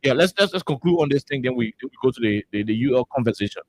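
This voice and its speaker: A man's voice: mid-range voice, very animated, fast, gravelly, dry recording, low-quality recording. A man hosting a call-in radio talk show, pressing points and repeating words for emphasis.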